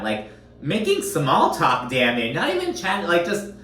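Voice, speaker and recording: A man's voice: a little high, wildly swooping pitch, moderate pace, a bit bright, reverberant, distant mic. A man giving a casual recap commentary, swearing often in a sassy, exasperated rant. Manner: profane, sassy, exasperated ranting.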